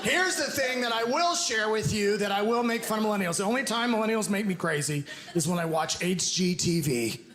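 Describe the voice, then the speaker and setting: A man's voice: high voice, lively intonation, fairly quick, a crowd in the background. A middle-aged man doing stand-up, teasing his audience with a mock-earnest delivery. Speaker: stand-up comedian. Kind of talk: stand-up routine. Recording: live room with clear background noise.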